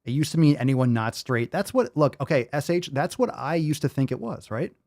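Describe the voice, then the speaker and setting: A man's voice: on the high side, lively intonation, brisk, a little mellow, no echo, clean studio sound. A man in his thirties hosting a podcast, ranting casually in an exasperated, profane way and repeating himself. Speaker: podcast host.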